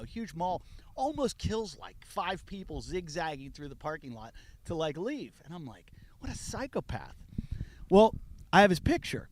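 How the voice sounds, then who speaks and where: A man's voice: fairly high pitch, slight background noise. A man telling a story on a podcast in a casual way, acting out the people in it. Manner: animated, acts out the people in his story. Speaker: podcast guest.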